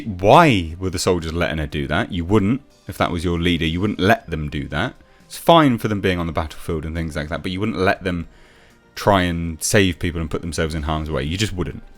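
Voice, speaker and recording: A man reviewing a TV episode in a sarcastic, exasperated rant, swearing freely. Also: deep voice. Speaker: TV show reviewer. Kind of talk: ranting video review.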